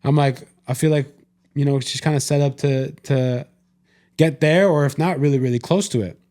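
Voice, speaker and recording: Man, podcast co-host, reflective casual chat, mid-pitched voice, quotes his own thoughts. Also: fairly even intonation, normal speed, dark tone. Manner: reflective, retelling with quoted self-talk and many restarts. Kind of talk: casual conversation.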